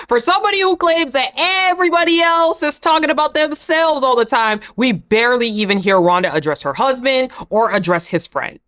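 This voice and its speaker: A woman's voice: mid-range voice, a bit bright. A woman hosting a reality TV recap, talking casually with blunt, sarcastic opinions.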